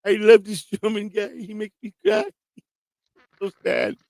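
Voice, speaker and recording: A man co-hosting a casual livestream, loud and giddy, repeating himself and laughing a lot. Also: sits high, big pitch swings, unhurried, vocal fry, dry recording. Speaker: livestream co-host. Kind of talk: rowdy casual livestream chat.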